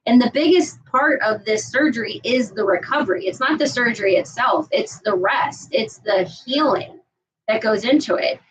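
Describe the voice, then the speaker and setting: Woman, thirties, podcast co-host, rambling earnest chat, slightly high voice, distant from the mic. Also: lively intonation, moderate pace, a little hiss or hum. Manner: rambling, filler-heavy, earnest. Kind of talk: casual chat.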